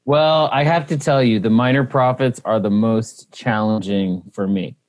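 Man, devotional co-host, playful and halting, dry close sound. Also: lowish voice, steady tone, no echo. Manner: playful, joking, halting with fillers. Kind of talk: casual devotional discussion.

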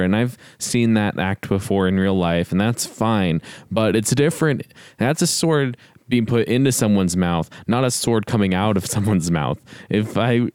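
A man in a relaxed Bible discussion, easygoing and filler-heavy, chuckling as he talks. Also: low-pitched, clear, resonant tone, no room sound, clean studio sound. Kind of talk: casual Bible study discussion.

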